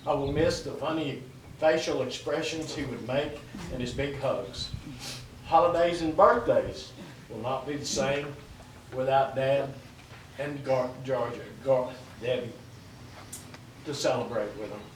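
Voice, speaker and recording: A man reading written eulogies aloud at a memorial in a loud, plain-spoken way, adding asides. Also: mid-range voice, a little slow. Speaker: brother-in-law reading eulogies. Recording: echoey, distant, noisy outdoor video.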